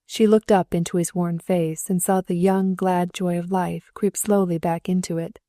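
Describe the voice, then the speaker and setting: A woman narrating a classic novel as an audiobook, gentle and measured, close to the mic. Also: fairly low pitch, flat delivery, no echo. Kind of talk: scripted narration.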